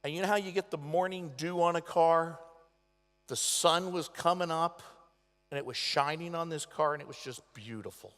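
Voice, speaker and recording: A man's voice: a little high, fairly even intonation, normal speed. Dramatic male speaker in an echoey hall. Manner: dramatic storyteller, swings from loud to hushed. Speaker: motivational speaker. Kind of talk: motivational convention speech. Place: large convention hall.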